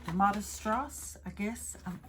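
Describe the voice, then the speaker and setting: A woman's voice: medium pitch, slow pace, background noise. A woman with a Southern accent, chatting and rambling casually as she unboxes and shows off a craft kit. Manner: chatty, rambling, self-correcting. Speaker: craft video host.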